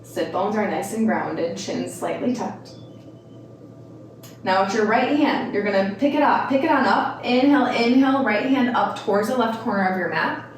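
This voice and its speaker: A woman instructor guiding a yoga class, calmly cueing breath and movement with casual, rambling asides. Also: mid-range voice, normal speed, a little hiss or hum. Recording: echoey room, mic at a distance.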